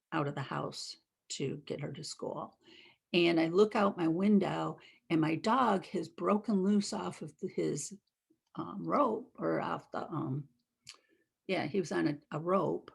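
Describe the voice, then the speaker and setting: A woman in her forties telling personal stories and teaching in a chatty, animated way, laughing often. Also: lowish voice, gravelly, husky. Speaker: emotional wellness teacher. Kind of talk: casual personal storytelling and teaching.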